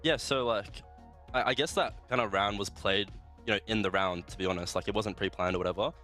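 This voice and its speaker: Low-voiced emotional young pro player man. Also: fairly quick, bright, forceful tone, soft background music. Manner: emotional, rambling, filler-heavy. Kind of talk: casual post-match interview.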